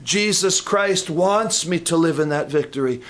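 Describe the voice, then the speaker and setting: A man's voice: fairly high pitch, unhurried, fairly bright tone. A man preaching a sermon in church, emphatic and questioning his congregation.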